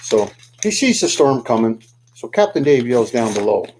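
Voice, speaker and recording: A man telling a tale out loud, animated and full of questions to the listener. His pitch leaps up and down in a mid-range voice. Faint noise and small clicks sit under him while he folds paper. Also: moderate pace. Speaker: storyteller. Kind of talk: oral storytelling to the camera.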